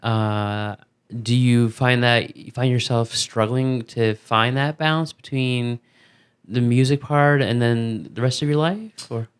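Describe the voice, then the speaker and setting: A man with a mid-pitched voice hosting a studio podcast, easygoing and quick to chime in with agreement. He asks questions in a loose, conversational way. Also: fairly even intonation, clean tone. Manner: easygoing, affirming interjections. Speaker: podcast host. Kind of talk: casual chat.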